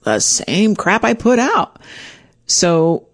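A woman telling a personal story in an animated, self-deprecating way, leaping up in pitch when she acts out her own words. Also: slow.

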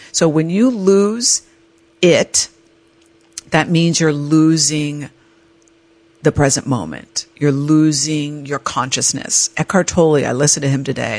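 A woman hosting a podcast who tells a personal story in a storytelling monologue and acts out the other people's lines in quoted voices. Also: deep voice. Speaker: podcast host.

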